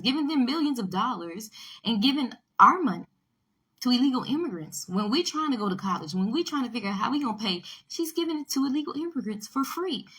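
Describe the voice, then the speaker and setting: A woman's voice: mid-range voice, a bit bright, breathy edge. A woman giving an opinion rant on her vlog, emphatic and repeating her points. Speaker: video commentator.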